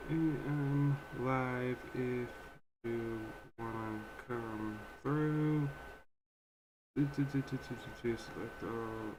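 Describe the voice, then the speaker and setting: A man's voice: medium pitch, very slow, noisy background. A young man hosting a livestream, chatting casually in a rambling, emotional, slangy way. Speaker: livestream reaction host.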